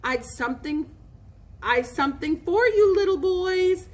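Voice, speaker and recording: A woman's voice: animated, a little slow. A woman voicing a gleeful young boy prankster who screeches and hops about in a storybook reading. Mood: teasing. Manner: screeching, shrill, hopping about.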